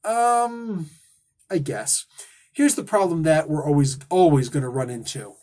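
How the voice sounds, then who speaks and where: A man's voice: a little high, unhurried, darkish tone. A man hosting a casual comic book review, talking in an enthusiastic, rambling, casually profane way.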